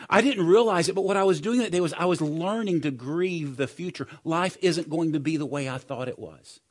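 A middle-aged preacher with a fairly high voice who speaks conversationally and shares personal stories. He rises to loud emphasis, then drops to quiet, intimate moments. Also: fairly quick. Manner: conversational, personal storytelling, swings between loud and soft. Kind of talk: sermon.

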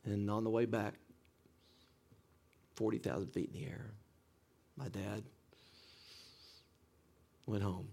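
A man telling a personal story in an earnest, halting way, with many restarts, moving between hushed moments and animated ones. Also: lowish voice. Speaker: speaker sharing a personal story. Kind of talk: heartfelt spoken storytelling.

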